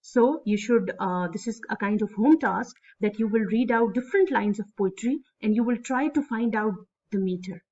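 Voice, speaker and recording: A woman's voice: a little high, normal speed, hardly any pauses, darkish tone, highs cut off, a little hiss or hum. A woman teaching English literature to students in a recorded lecture, addressing them directly and stressing syllables aloud. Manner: addresses students directly, repeats key points.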